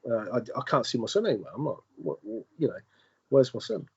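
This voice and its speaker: A man recounts his experience in conversation, stopping and starting, repeating words as he goes. His voice is somewhat husky and sits at an ordinary middle pitch. The recording is a bit dull and lo-fi. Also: very animated, a little mellow. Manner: halting, with many restarts and repeated words. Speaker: podcast guest. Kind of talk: conversational storytelling.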